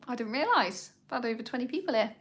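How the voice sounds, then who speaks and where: A woman's voice: lively intonation, quick pace, fairly bright tone. A woman, chatting casually to viewers in a live Q&A about her dogs. She talks in a rambling way, with plenty of ums. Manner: coos at her dogs in a high voice. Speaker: dog owner hosting a live Q&A. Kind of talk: casual live-stream chat.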